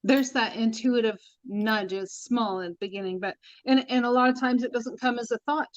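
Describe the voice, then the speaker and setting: Woman tarot host, earnest, emphatic, slightly high voice, dull dry recording. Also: normal speed, no echo. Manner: earnest, emphatic, acts out quoted inner voices. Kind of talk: casual spiritual chat on a livestream.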